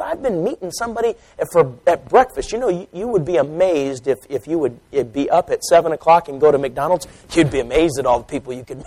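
A man preaching a sermon, swinging from loud, emphatic preaching to soft, quiet asides and often repeating words as he restarts. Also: fairly high pitch, rough recording. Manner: repeats phrases with stumbles and restarts. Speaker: pastor. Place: church.

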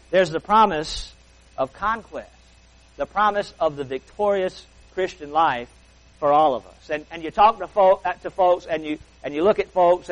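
A man preaching a sermon as pastor, emphatic, slowing down and stretching key words. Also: fairly high pitch, low-quality recording.

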